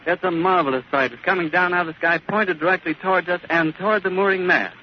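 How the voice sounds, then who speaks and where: A man reports live from an airfield in a vivid, sweeping style. His voice sits fairly high. The sound is a dull, lightly hissing archival recording from the 1930s. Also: fast. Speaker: radio reporter. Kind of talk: live outdoor eyewitness commentary. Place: airfield outdoors beside a hangar.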